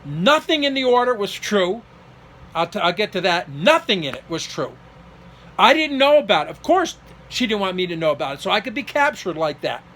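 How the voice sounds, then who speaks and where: Middle-aged man, high and bright, agitated storyteller who voices everyone he quotes. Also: big pitch swings, moderate pace, slight background noise. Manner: agitated, acts out quoted dialogue, rising to near shouting. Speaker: vlogger telling a personal story. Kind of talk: emotional personal monologue.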